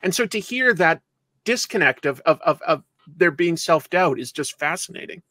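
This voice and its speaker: A man's voice: a little high, animated, moderate pace, sharp tone, dry recording. A man hosting a casual interview, asking curious, reflective questions with plenty of hedging. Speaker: interview host.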